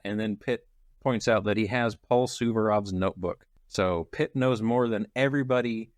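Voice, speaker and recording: A man co-hosts a casual book club podcast, joking and laughing often as he recaps a book. His voice is on the low side with fairly even intonation and a moderate pace, in clean studio sound with no echo.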